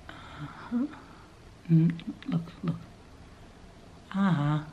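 A woman's voice: sits low, unhurried, pauses often, a little mellow, dull audio, a little hiss or hum. A young woman hosting a joking makeup tutorial vlog, playful and often dropping into whispered asides, now and then slipping into a mock accent. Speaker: beauty vlogger.

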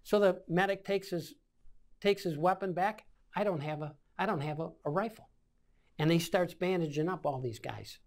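A veteran in his seventies with a high voice recalls his war experiences at a moderate pace during an oral-history interview. He's a vivid storyteller who acts out each scene, supplying his own gunfire and explosion sounds.

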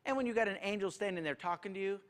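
A man's voice: high voice, rapid-fire, fairly bright tone. A male pastor, leading a church Q&A in a folksy, joking way. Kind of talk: church Q&A teaching.

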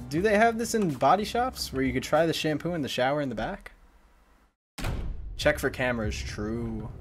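Casting: young male streamer, slightly high voice, goofy and self-mocking, faint game music behind. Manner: joking, self-deprecating, talks to chat. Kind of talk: casual game commentary.

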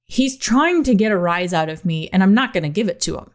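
A woman's voice: medium pitch, fairly quick. Chatty woman co-hosting a podcast. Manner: animated storytelling with laughs. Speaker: podcast co-host. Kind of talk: casual podcast chat.

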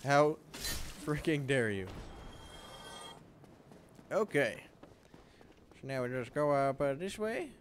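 A young man streaming a game, chatting with viewers in a relaxed, joking way and breaking into loud yelps and laughs. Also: mid-range voice, slow pace, long pauses, a little hiss or hum. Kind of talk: gameplay commentary.

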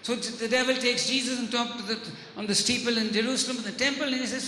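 Very high-voiced preacher in an echoey hall. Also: male voice, fairly even intonation, fast talker, hardly any pauses, bright, forceful tone, slight background noise. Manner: earnest, repeats and restarts words. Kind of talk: sermon teaching.

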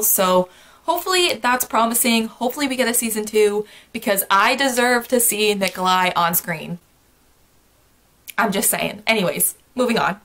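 A woman's voice: medium pitch, fairly bright tone. A young woman vlogger chatting casually about her month, gushing and bubbly, laughing often between thoughts. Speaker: book vlogger. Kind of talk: casual monthly wrap-up chat.

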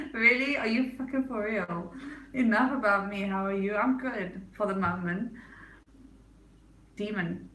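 Bright playful woman livestreaming in an echoey room. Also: mid-range voice, slight background noise. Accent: non-American. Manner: playful, teasing, laughs often. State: has a headache. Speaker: livestreamer reading chat. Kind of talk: casual livestream chat.

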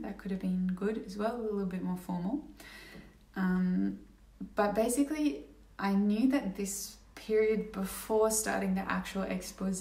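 Chatty young woman with a gravelly edge. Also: medium pitch, normal speed, mellow, recorded from a distance. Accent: Australian. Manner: chatty, rambling, many fillers and restarts. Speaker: vlogger. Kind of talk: casual chat to camera. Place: indoor room at home. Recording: echoey room, slightly off-mic.

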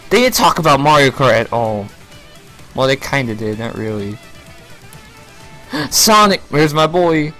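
Excitable young man reacting live. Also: a little high. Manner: excitable, shouts and swears, gasps and laughs. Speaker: reaction video creator.

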